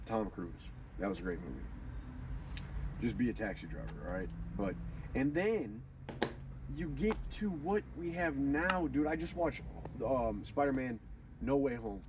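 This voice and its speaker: A young man hosting a gaming video, giving a preachy, profane, rambling casual monologue. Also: mid-range voice. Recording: distant mic with clear background noise.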